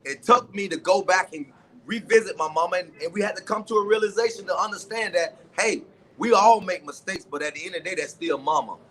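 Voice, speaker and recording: Impassioned high-voiced man. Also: brisk, a bit bright. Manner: impassioned, preaching cadence. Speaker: panel guest. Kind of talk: impassioned panel discussion.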